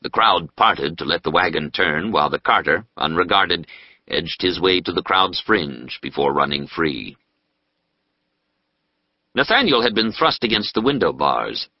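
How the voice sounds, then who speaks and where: A man narrating a historical novel in a measured storytelling voice. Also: low-pitched, no echo. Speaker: audiobook narrator. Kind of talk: scripted narration. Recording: slightly muffled dry studio audio.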